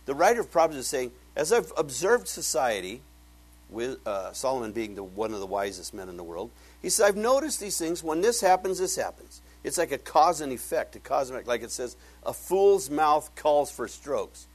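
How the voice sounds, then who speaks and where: Older man, husky voice, folksy bible teacher, storytelling sermon style. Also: medium pitch, big pitch swings, moderate pace. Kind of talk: casual sermon.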